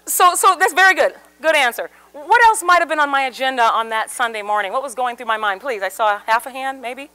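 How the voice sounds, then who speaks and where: A woman's voice: sits high, fairly quick, long pauses. A woman giving a live seminar talk to an audience, telling a story and acting out the voices in it. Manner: animated storyteller, acts out quoted voices. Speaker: communication speaker.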